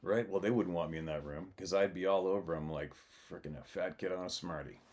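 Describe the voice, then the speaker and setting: Blunt, lower-voiced man telling a story. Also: brisk, darkish tone. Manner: blunt and profane, laughs often; rambling with frequent restarts. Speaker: channel host. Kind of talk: casual storytelling monologue.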